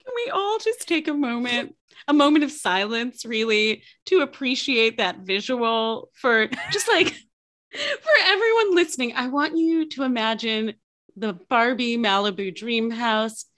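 A woman's voice: fairly high pitch, animated, measured pace, a bit bright. A woman hosting a podcast interview, chatting casually and gushing with enthusiasm. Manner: effusive, enthusiastic. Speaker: podcast host.

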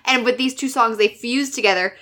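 A young woman co-hosts a casual podcast in a brash, jokey way and swears freely. Her voice is bright and sharp and sits fairly high. She talks in a loose, conversational manner. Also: brisk. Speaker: podcast co-host. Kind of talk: casual chat.

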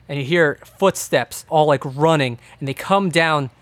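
A man running a tabletop game as game master, narrating scenes in a lively, descriptive way. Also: a little high, measured pace, no echo.

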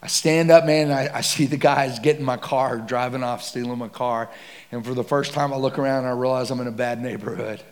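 A man preaching with dramatic storytelling, swinging from hushed to loud and excited. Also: mid-range voice, fairly quick. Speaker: pastor. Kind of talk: sermon storytelling. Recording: long hall reverb.

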